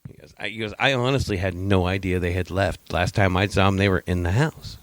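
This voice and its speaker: A man's voice: low-pitched, a little fast, no echo. A middle-aged man co-hosting a podcast, telling rambling stories in a teasing, casual way. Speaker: podcast co-host. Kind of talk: casual chat.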